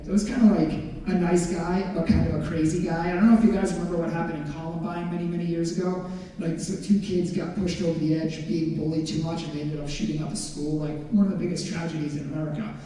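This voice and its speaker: A man's voice: fairly high pitch, warm tone. A young man giving a casual, storytelling talk to students, acting out quotes with light laughs. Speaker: guest speaker. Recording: echoey hall from far off.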